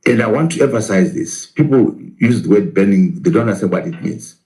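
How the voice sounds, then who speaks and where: A man's voice: fairly low pitch, lively intonation, a little fast, warm tone, rough recording. A man, a professor, arguing in a political interview, asking rhetorical questions and answering them himself.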